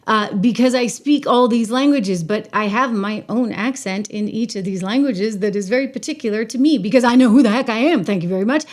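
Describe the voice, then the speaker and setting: Her voice a little high and her delivery brisk with few pauses, a woman hosts a laid-back political commentary stream. She addresses viewers animatedly and emphatically, frequently restarting and tossing in asides.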